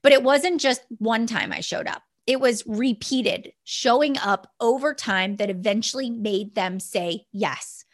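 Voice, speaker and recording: A woman's voice: mid-range voice, fairly bright tone. A young woman, a business mentor, telling a motivational story in an earnest, storytelling way. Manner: earnest storytelling, many restarts. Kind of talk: motivational podcast talk.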